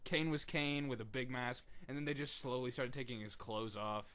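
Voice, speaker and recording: A young man co-hosting a podcast, chatting casually, laughing often and shouting out quoted lines. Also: mid-range voice, moderate pace, clear, resonant tone, no echo. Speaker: podcast co-host. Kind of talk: casual chat.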